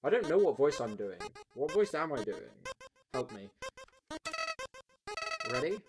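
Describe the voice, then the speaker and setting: Game streamer, chatty let's play commentary, excitable, self-mocking, lively swooping pitch, game music behind. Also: measured pace.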